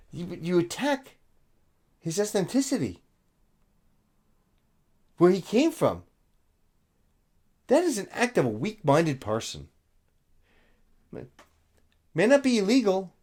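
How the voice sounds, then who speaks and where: A man's voice: high-pitched, big pitch swings, slow pace, pauses often, darkish tone. A middle-aged man giving blunt, profane reaction commentary in a lecturing tone.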